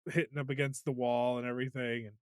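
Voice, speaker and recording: A man's voice: medium pitch, flat delivery, fast, clear, resonant tone, dry recording. Guy on a podcast cracking up retelling movie bits, dry close mic. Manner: laughs a lot while retelling movie scenes. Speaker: podcast co-host. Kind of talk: casual chat.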